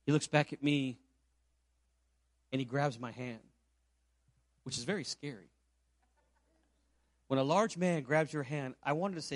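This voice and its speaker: A man's voice: mid-range voice, measured pace, long pauses, no room sound. A man from Puerto Rico preaching a sermon, telling a story and asking the congregation rhetorical questions. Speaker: pastor.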